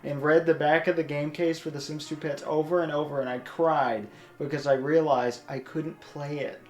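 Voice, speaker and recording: Low-voiced woman chatting over gameplay. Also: fairly even intonation, moderate pace, darkish tone. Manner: chatty, narrates game actions to a partner. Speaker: let's play host. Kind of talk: casual gameplay commentary. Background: faint game music.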